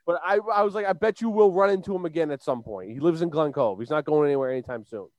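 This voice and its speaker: A man's voice: fairly high pitch, fast talker, a little mellow, no echo. Rambling young man telling a story. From Long Island, New York. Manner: rambling storyteller, many fillers and restarts. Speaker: podcast co-host. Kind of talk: casual chat.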